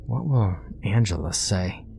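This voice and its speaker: A man's voice: medium pitch, sing-song, unhurried, darkish tone, soft background music. A man voicing a frightened, nervous young male office worker who stammers in a panic. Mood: panicked.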